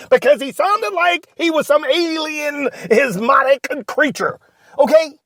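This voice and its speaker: A performer voicing a blustering male radio host who rants and yells at his sidekick. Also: high-pitched, vocal fry, dry recording, clean studio sound. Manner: ranting, yelling, blustery.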